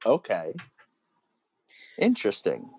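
A man's voice: on the low side, huge pitch swings, takes it slowly, creaky, a little mellow, slightly rough. A man guesting on a podcast, chatting casually in a wry, self-mocking way. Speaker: guest comedian.

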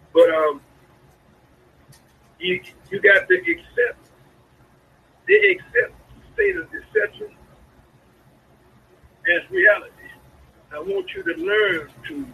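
A man preaching a sermon, a pastor calling out to his congregation with sudden high swoops in his voice. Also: husky. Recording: lo-fi radio broadcast sound.

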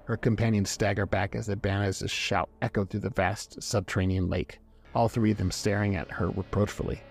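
A man narrating a story aloud in a measured, dramatic reading. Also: lowish voice, level tone, gravelly. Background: faint background music.

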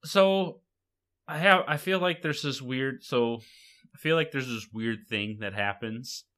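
A man's voice: medium pitch, a little slow, sharp tone. A young man co-hosting a casual podcast chat, rambling and correcting himself as he goes. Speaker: podcast co-host.

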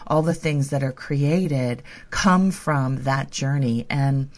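A woman co-hosting a spiritual podcast, talking in a gentle, flowing, reassuring way. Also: very deep voice, slow pace. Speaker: podcast co-host. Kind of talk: casual spiritual chat.

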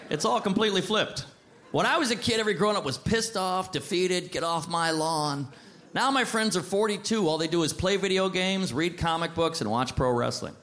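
A man in his thirties performing a stand-up comedy set, punchy and animated, acting out other people. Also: high-pitched, fairly quick. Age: 30s. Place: comedy stage before an audience. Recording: noisy live stage recording.

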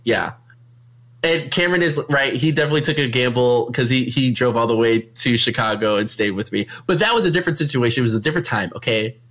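A young man talks casually and chattily, laughing often and leaning on filler words. His pitch sits at an ordinary middle height. He speaks as a streamer answering viewer questions. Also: fast, a bit bright. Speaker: streamer and meetup organizer. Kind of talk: casual chat.

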